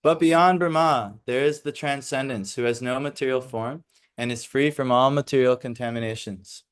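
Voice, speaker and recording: A man reads scripture aloud to a small class in a measured voice. He drifts into relaxed asides full of fillers. He sounds hesitant over Sanskrit recitation. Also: mid-range voice, smooth. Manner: reads steadily, then slips into casual asides with fillers. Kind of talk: reading scripture aloud and explaining it.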